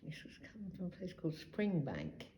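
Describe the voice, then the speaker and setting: A psychic medium with a lowish, warm voice and huge pitch swings speaks briskly, musing hesitantly as she calls out to a spirit during a paranormal investigation inside a church. The room is echoey, with a little hiss or hum.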